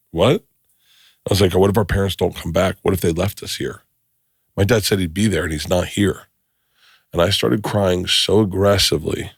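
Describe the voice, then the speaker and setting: A man's voice: low voice, gravelly, slightly rough, no echo, studio quality. A middle-aged man hosting a podcast, telling a personal story in casual chat, emotional and laughing as he goes. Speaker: podcast host.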